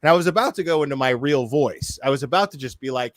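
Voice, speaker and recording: A man's voice: medium pitch, expressive, fast talker, dry recording. Profane stammering man, dry close sound. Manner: laughing, profane, stammering restarts. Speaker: YouTube commentary host. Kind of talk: casual reaction commentary.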